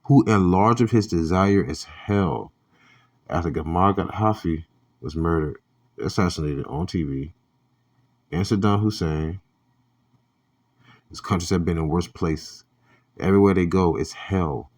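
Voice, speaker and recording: A man giving blunt, profane religious commentary on the news, reading scripture and leaping up in pitch when riled. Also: unhurried, long pauses, darkish tone. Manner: reads scripture aloud. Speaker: online preacher and commentator.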